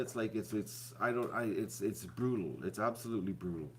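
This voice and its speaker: Rambling man, low voice. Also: normal speed, few pauses, a little hiss or hum. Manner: rambling, repeats himself, restarts; addresses viewers as folks. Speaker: vlog host. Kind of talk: casual chat to viewers.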